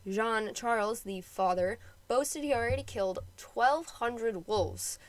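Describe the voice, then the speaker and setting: A woman's voice: on the high side, takes it slowly, poor audio. Chatty woman reading a history podcast. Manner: chatty, jokey asides between read passages. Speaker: podcast host. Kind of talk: read history narration with casual asides.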